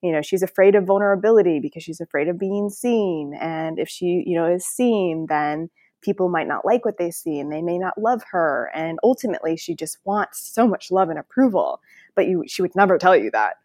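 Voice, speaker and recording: A woman speaking as a podcast guest in casual storytelling, animated and laughing often as she acts out voices. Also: lowish voice, a little fast, dry recording, studio quality.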